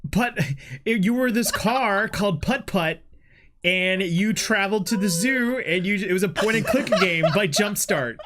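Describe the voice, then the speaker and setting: A man's voice: sits high, unhurried, background noise. A man co-hosting a podcast, reading a story aloud and chatting casually, laughing often and teasing his partner. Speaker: podcast co-host.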